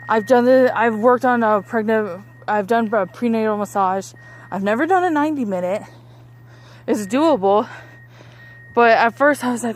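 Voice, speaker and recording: A woman's voice: a little high, normal speed. A young woman, a massage therapist, casually chatting about her week with lots of fillers and restarts. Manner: rambling, many fillers and restarts. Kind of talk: casual chat.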